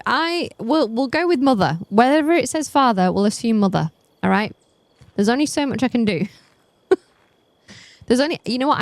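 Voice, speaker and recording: A woman's voice: fairly high pitch, no room sound. A woman playing a murder mystery game as a streamer, chatting casually with a self-deprecating humor. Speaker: let's play streamer.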